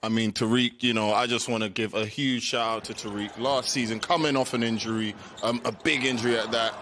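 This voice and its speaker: A man giving post-game basketball analysis, chatty and enthusiastic, getting excited over big plays. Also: medium pitch, a little fast, a little hiss or hum. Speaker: basketball pundit.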